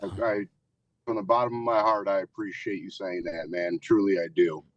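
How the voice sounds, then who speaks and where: A man's voice: low-pitched, little pitch movement, fairly quick, dry recording, highs cut off. A man answering as a guest on a casual podcast, talking in a candid, reflective way with frequent "um" and "you know". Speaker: podcast guest, haunt actor. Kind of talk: casual interview chat.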